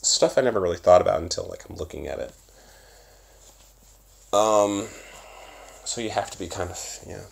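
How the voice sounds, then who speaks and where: A young man talks straight to camera in a loose, rambling vlog, swearing freely. His voice sits very low with a gravelly fry, and he swings between loud bursts and mumbled asides. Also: normal speed, pauses often. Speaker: vlogger. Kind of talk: casual rambling monologue.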